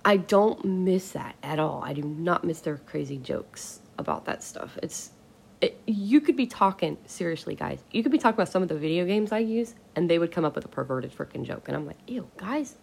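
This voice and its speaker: A woman's voice: on the low side, animated, a little fast, creaky, darkish tone, slight background noise. A woman hosting a casual solo podcast, ranting bluntly and with exasperation, swearing casually. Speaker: podcast host.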